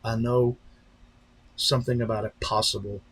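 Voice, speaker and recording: Husky-voiced rambling pastor on a live stream. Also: male voice, mid-range voice, measured pace. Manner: rambling, chatty, talks straight to viewers. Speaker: pastor and drone-racing streamer. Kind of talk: casual live-stream chat.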